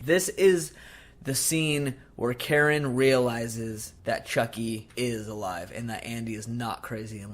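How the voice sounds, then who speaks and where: Animated male podcast co-host. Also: mid-range voice. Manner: animated retelling, acts out movie lines. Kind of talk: casual chat.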